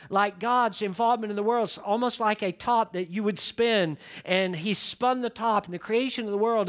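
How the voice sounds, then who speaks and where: A man's voice: high-pitched, a bit bright. A man preaching a sermon, earnest and direct, often repeating his key points for emphasis. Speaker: pastor.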